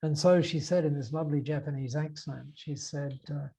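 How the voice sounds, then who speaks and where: A man's voice: on the high side, steady tone, normal speed, vocal fry, few pauses, dark tone, slightly rough. A man with an Australian accent, a podcast guest recounting an anecdote, with many fillers and acted-out dialogue. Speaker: interview guest. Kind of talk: storytelling in a podcast interview.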